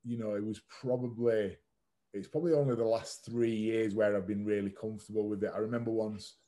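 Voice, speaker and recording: Low, mellow-voiced man telling stories frankly. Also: steady tone, fairly quick. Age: 30s. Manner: frank and casual, swears, frequent "like" fillers. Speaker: podcast guest. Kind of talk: candid conversational storytelling.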